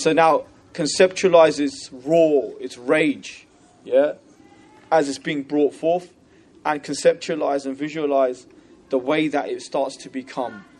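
A man teaching a class on a classical religious text, talking conversationally, often asking "you know?" and "right?" and reciting Arabic passages quickly. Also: mid-range voice, darkish tone, a little hiss or hum.

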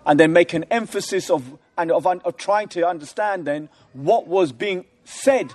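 Male Islamic teacher, higher register, emphatic classroom delivery with frequent checks for understanding. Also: normal speed, darkish tone. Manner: emphatic, keeps checking listeners follow. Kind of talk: classroom religious lecture.

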